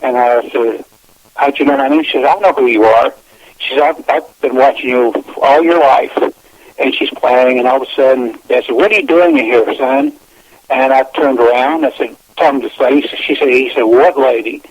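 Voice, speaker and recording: A man's voice: mid-range voice, fairly even intonation, normal speed. Rambling man on a dull phone line. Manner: meandering, repeats words and restarts often. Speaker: guest telling his experiences. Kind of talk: rambling personal storytelling.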